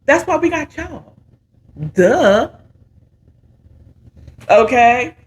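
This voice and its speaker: A woman's voice: high voice, lively intonation, drawn-out words, a little hiss or hum. A middle-aged woman giving casual, sassy, playful commentary while reviewing a talk show.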